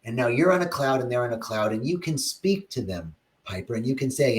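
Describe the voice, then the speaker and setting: A man in the middle of his range talks through a spiritual teaching on a livestream. He speaks reflectively, reads out viewers' comments and answers them, and leans into stories with big, animated swings in tone. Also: brisk, hardly any pauses. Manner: reflective, animated storytelling with dramatic pitch swings.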